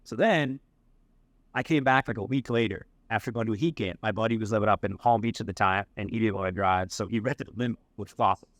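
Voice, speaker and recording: A fast-talking man with a fairly low voice co-hosts a podcast from a cigar bar, with no room sound audible. He tells stories casually and animatedly, acting out the voices of the people he quotes.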